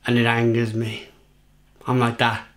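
A man's voice: medium pitch, monotone, measured pace, a bit bright. A man with a British accent, a beer reviewer and pub manager, swearing and rambling through an angry rant to camera. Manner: sweary, rambling, repeats himself.

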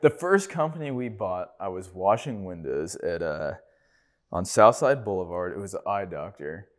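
A man on a podcast, a business owner telling lively anecdotes and acting out other people's lines. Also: low-pitched, moderate pace. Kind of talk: casual storytelling interview.

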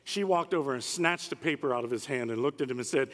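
A man's voice: medium pitch, fast, background noise. A man preaching a sermon, fervent and emphatic, in a large conference hall. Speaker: pastor.

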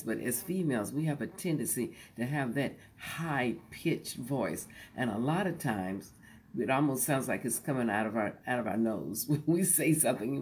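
A woman host coaching her audience on reading poems aloud, in a relaxed, folksy tone that jokes easily. She draws her words out slowly and now and then sinks into a hushed whisper. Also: rumbling low, a little hiss or hum. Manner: slow and drawn-out, sometimes dropping to a soft whisper; folksy and joking. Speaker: host teaching poetry recitation. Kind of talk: relaxed instructional talk to an online audience.

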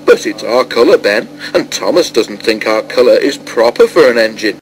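A man's voice: mid-range voice, expressive, moderate pace, slight background noise, close to an everyday voice. A man voicing Bill, a cheeky young male tank engine who needles the others.

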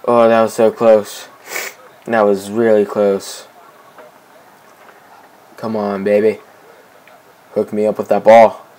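A young man casually commenting on his own soccer video game match, excitable and repeating himself as he begs teammates for the ball. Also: fairly low pitch, takes it slowly, long pauses, rough recording. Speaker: gameplay commentator. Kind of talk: casual let's-play commentary.

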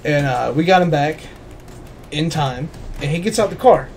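A man's voice: on the high side, animated, normal speed, slight background noise. A man co-hosting a casual podcast, telling stories with frequent laughter and swearing. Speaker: podcast co-host. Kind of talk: casual chat. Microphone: podcast microphone.

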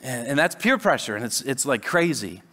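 Animated male pastor preaching in a hall. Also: medium pitch, normal speed. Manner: animated, conversational preaching with many restarts and acted-out quotes. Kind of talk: sermon. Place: church sanctuary.

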